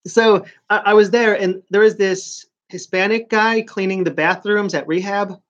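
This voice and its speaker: A man's voice: high-pitched, steady tone, normal speed, fairly bright tone. A man in his forties with a New York accent, chatting casually to viewers on a live stream, rambling and stop-start. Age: 40s. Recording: dull lo-fi stream audio.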